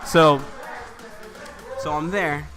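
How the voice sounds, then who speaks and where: A man's voice: fairly high pitch, steady tone, drawn-out words, music in the background. Rambling man telling a complaint story. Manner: rambling, heavy with "you know" and "like" fillers. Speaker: commentator. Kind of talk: casual storytelling chat.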